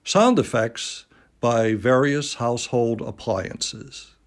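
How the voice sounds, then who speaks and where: A man's voice: medium pitch, animated, slow pace. A man reading a classic story aloud at a dining table at home, recorded on a phone, with dry self-mocking humor. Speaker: reader. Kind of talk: slow storybook narration.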